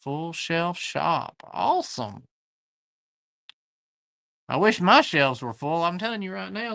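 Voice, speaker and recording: A man's voice: high voice, sing-song, takes it slowly, vocal fry, pauses often, sharp tone, no echo. A man with a Southern US accent hosting a live online antique sale from his shop, chatting folksily and greeting viewers by name. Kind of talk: livestream chat, reading viewer comments.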